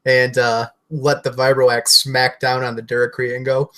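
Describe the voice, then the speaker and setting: A man's voice: mid-range voice, bright, forceful tone. Guy at a tabletop game, chill, describing what his char does. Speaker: player.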